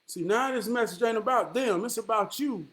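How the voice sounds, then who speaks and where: A man's voice: sits high, moderate pace, a bit bright. A man delivering an impassioned monologue, emphatic and profane, firing off rhetorical questions and tagging "man" onto his lines. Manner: repeats "man" as a filler.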